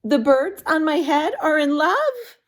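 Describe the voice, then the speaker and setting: A woman voicing a worried male elephant in a picture-book read-aloud, yelling in shrill cries. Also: very animated, unhurried. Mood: dismayed. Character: anxious male elephant, panicky and easily upset.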